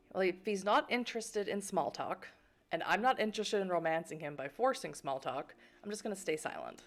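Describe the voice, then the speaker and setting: A woman's voice: medium pitch, very animated, normal speed, faint music behind. A young woman streaming a narrative game, chatting playfully with many fillers and laughs while reading the game text aloud.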